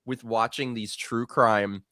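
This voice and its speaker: A man's voice: mid-range voice, fairly even intonation, slow, sharp tone, dry recording, studio quality. A man hosting a live talk stream, chatting casually in a blunt, emphatic way and swearing freely.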